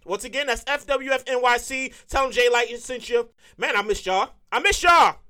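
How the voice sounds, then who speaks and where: A man hosting a podcast as a comedic monologue, animated and prone to repeating words and laughing at his own stories. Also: very high-pitched, normal speed, clear, resonant tone. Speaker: podcast host.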